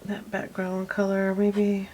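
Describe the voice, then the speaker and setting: A woman hosting a paint-along art video, talking slowly and softly and often dropping into a near whisper while she works. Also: medium pitch, slight background noise. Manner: slow, soft-spoken, often drops to a whisper while working; calls her quiet talk her calm thinking voice. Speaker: art channel host.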